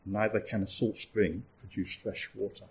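A man reading a scripture passage aloud in a measured, expressive way. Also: on the low side, a little hiss or hum. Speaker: scripture reader.

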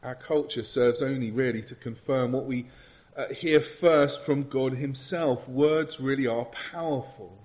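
An earnest male preacher delivering a sermon. He talks conversationally, backing up and restarting phrases as he builds his point. His pitch sits in a middle range. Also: measured pace, darkish tone.

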